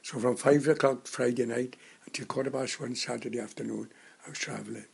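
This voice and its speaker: Man, 90s, interviewee; husky, mid-pitched voice, halting and rambling delivery. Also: steady tone. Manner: rambling, halting storyteller with many restarts. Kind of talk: reminiscing in casual conversation.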